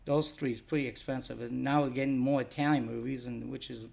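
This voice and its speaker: A man's voice: mid-range voice, fairly even intonation, fast, creaky, darkish tone. A man being interviewed about running his DVD label, talking bluntly and rambling, swearing freely. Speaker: guest, DVD label owner. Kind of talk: casual interview chat.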